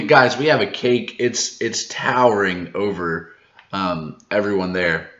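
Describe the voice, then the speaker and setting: A man hosting a manga review channel, reading through a chapter in an excited reaction, chuckling often and saying "uh" a lot. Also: lowish voice, normal speed. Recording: roomy, dull lo-fi sound.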